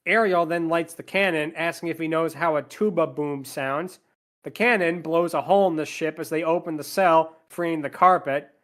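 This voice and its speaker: A man with a slightly higher voice hosts a casual podcast. He recaps a film's plot in a steady flow and breaks off for dry, sarcastic complaints about it. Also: normal speed. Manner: plot narration with sarcastic asides. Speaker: podcast host.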